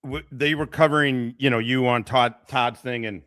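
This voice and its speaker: A man's voice: medium pitch, normal speed. A man hosting a casual reaction stream, cursing freely and laughing often as he comments on clips. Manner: profane, laughs often, animated.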